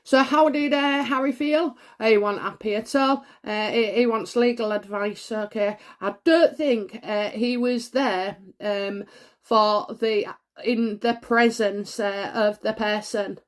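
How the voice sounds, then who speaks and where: Woman in her 40s doing a tarot reading, bit higher voice, rambly and hesitant, lots of ums and gasps. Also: steady tone, slow. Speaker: tarot reader. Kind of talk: solo tarot reading vlog.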